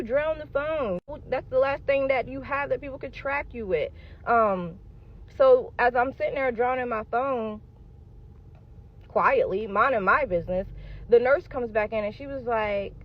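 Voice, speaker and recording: A woman telling her own story to viewers in a casual, animated storytime, calling them y'all and honey. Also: fairly high pitch, dull audio, slight background noise.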